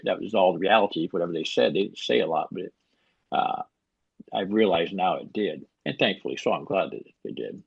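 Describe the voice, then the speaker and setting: Gravelly low-voiced man in his sixties. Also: no room sound, dull audio. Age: 60s. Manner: dry, wry, self-deprecating storyteller. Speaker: author guest. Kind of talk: casual interview talk.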